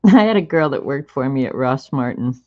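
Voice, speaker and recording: Hosting a craft video, a woman with a rumbling low voice talks fairly quickly and with lively intonation, telling rambling stories and laughing often as she colors. The recording is dull and lo-fi.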